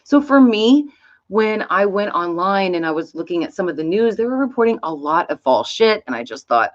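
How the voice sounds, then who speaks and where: A woman's voice: medium pitch, normal speed. A middle-aged woman, telling a story in a casual vlog and swearing freely. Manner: chatty, swears freely, animated retelling. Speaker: YouTube host. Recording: slightly dull lo-fi sound.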